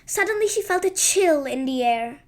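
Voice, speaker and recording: A woman narrating a children's bedtime story in a gentle, lilting and unhurried way. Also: sits high, animated.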